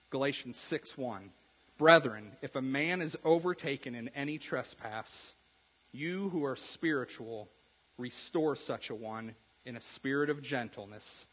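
A man preaching a sermon as a pastor, earnest, getting louder on key points and then dropping soft. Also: mid-range voice, husky. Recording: long echo of a large hall.

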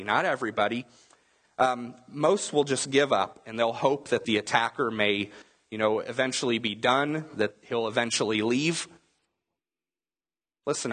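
A man's voice: mid-range voice, a bit bright, breathy edge. A male pastor preaching a sermon in a church, talking conversationally and checking in with the congregation through frequent rhetorical questions.

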